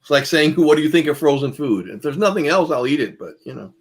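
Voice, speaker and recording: A man's voice: a little high, lively intonation, quick pace. A man giving a jazz guitar masterclass, talking casually and calling out picking strokes as he demonstrates. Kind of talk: masterclass lecture.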